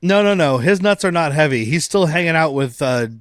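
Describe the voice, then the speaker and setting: A man co-hosting a podcast, retelling scenes in a lively way with quick quoted voices and frequent laughs. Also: a little high, no echo, clean studio sound. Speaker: podcast co-host. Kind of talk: casual chat.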